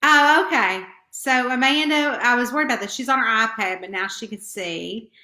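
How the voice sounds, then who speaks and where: With a fairly high, bright and forceful voice at a moderate pace, a middle-aged woman with a Southern hillbilly twang hosts a live stream from home as an author. She chats nervously and greets viewers by name, in an echoey room.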